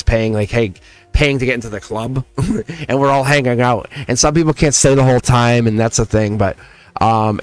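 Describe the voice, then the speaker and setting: A man's voice: mid-range voice, dry recording. A man with a Southern accent, reading tarot on a casual livestream and talking straight to his viewers, laughing often. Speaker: tarot reader.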